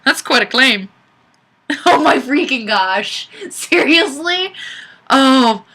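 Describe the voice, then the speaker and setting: A woman's voice: fairly high pitch, expressive, slow pace, bright, forceful tone, husky. A woman hosting a webcam livestream, reading viewer comments in a chatty, self-deprecating way. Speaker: livestream host. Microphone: webcam mic.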